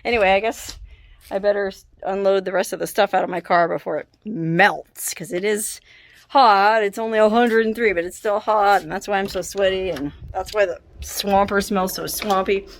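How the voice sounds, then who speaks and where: A woman's voice: medium pitch, fairly even intonation, moderate pace, dry recording. A young adult woman vlogging casually, distressed and apologetic, with nervous laughs. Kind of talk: casual vlog talk to camera. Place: hot house and shaded yard.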